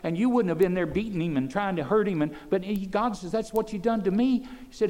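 A man's voice: sits high, a little fast, few pauses, mellow, in a large hall. A man preaching a sermon, pressing his listeners with rhetorical questions and rising to fervent peaks.

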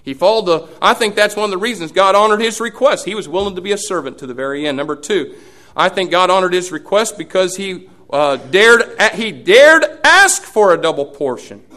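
A middle-aged man preaching a sermon as pastor, folksy, swinging from loud peaks to hushed asides. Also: high voice, lively intonation, fairly quick.

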